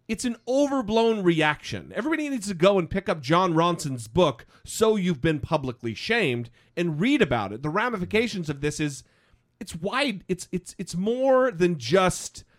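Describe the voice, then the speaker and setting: A man hosting a podcast, talking in a casual, opinionated, rambling way with many restarts. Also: high voice. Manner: rambling, animated, restarts often. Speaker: podcast host.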